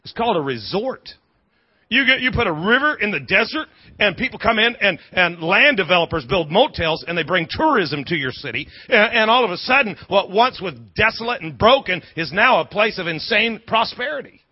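A man's voice: high voice, expressive, brisk, slightly rough, highs cut off. A male pastor preaching a sermon in an emphatic call-and-response style, with a lot of repetition.

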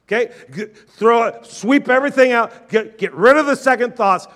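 A man preaches a fervent sermon in a high, bright voice. He calls on his listeners to say lines back to him. He plays their doubts in a lower tone before answering them. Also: moderate pace. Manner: acts out doubters' objections in a lower, quieter voice. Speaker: pastor.

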